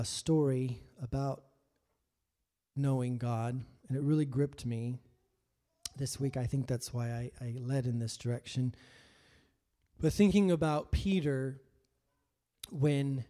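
A man preaching a sermon, acting out biblical figures in his own voice and moving between hushed asides and loud, emphatic lines. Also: mid-range voice, a little slow. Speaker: pastor.

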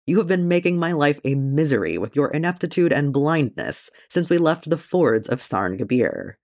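A steady male ranger king, read by a man in an audiobook talks calmly and thoughtfully with a dry wit. The pitch moves about a lot. The sound is close and dry. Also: normal speed, no room sound. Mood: wry. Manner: calm and thoughtful. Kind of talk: audiobook character reading.

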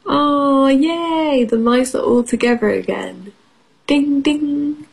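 A woman reads a children's story on an educational radio show, playful and patient, putting in little sound effects and quizzing the kids. Her voice is slightly high and noticeably breathy. She takes her time with every line. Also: measured pace, a little mellow. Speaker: radio English teacher.

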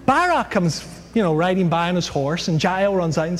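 Chatty, joking male Bible lecturer, fairly high voice, long hall reverb, faint noise. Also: animated, moderate pace, hardly any pauses. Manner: chatty, digressive, joking, many fillers. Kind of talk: humorous lecture to an audience.

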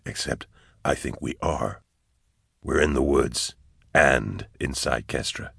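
Man voicing a hardened soldier, very low voice, hushed, clipped lines. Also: slow, gravelly, breathy edge, no room sound, studio quality, exaggerated voice. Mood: steady. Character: calm hardened male soldier, terse and low.

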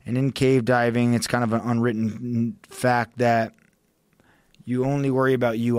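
A man telling a story as a podcast guest, with heavy swearing and rising intensity as he relives every moment. His voice sits at an ordinary middle pitch and comes through a close, dry mic with no room sound. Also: flat delivery, normal speed, a little mellow, smooth, no room sound. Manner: profane, vivid, intense recounting. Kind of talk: casual storytelling.

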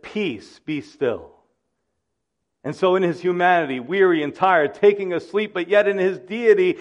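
A man's voice: on the high side, highs cut off. A man preaching a sermon, acting out the voices in the stories he tells. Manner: dramatic, acts out quoted voices. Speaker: pastor.

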